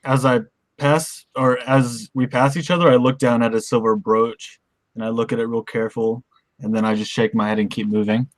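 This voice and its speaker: A man's voice: mid-range voice, steady tone, moderate pace. A man playing a tabletop game, describing what his character does. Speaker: player.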